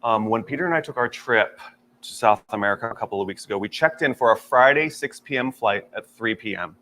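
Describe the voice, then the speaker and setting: Man, talk-show co-host, animated storyteller, mid pitch, slight background hiss. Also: fairly quick. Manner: animated storytelling, acting out quotes. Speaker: radio co-host. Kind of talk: casual chat.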